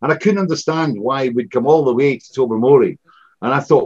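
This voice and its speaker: A man's voice: mid-range voice, quick pace, breathy edge. A Scottish man in his sixties talks in a loose, rambling way, circling back with "you know" as he tells road stories. His voice sits in an ordinary middle register. The recording is dull and lo-fi. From Scotland. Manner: rambling, many restarts and "you know"s, animated anecdotes. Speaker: guest, former rock frontman. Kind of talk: casual storytelling interview.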